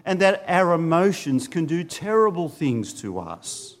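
A man's voice: fairly high pitch, very animated, unhurried. A man preaching a sermon, earnest, often putting questions to his listeners.

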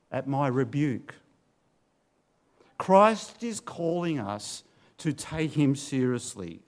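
A man preaching a sermon, swinging between loud urging and low, hushed warnings. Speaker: pastor.

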